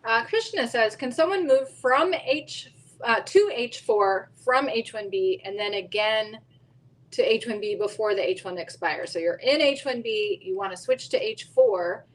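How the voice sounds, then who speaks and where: A woman co-hosting a live Q&A show, explaining answers clearly and step by step. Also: fairly high pitch, lively intonation, unhurried, low-quality recording. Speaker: immigration attorney and co-host.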